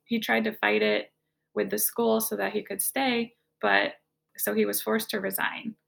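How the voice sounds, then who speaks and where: A woman's voice: mid-range voice, level tone, unhurried, gravelly. A woman telling her personal story as an interview guest, in a casual, conversational way, often saying "like". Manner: casual, conversational, fills speech with "like".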